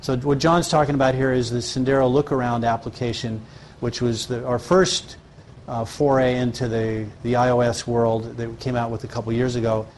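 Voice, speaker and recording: A man's voice: mid-range voice, little pitch movement, moderate pace, a little mellow. Guy answering audience questions live, stops and restarts a lot, bit of background hiss. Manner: hesitant, restarts mid-sentence. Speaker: presenter answering product questions. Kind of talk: live Q&A session.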